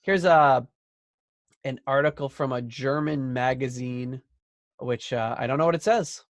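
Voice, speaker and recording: A podcast co-host talking in a relaxed, joking way. His voice sits at a middle pitch. The sound is dry and close, with no room around it. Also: unhurried, dry recording. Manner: chatty, joking, reads out listener posts. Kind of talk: casual chat.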